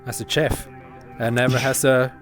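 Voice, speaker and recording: A man's voice: mid-range voice, flat delivery, normal speed, faint music behind. A man hosting a game tournament live, chatty and often laughing as he interviews players. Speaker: tournament host. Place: online virtual-reality game session.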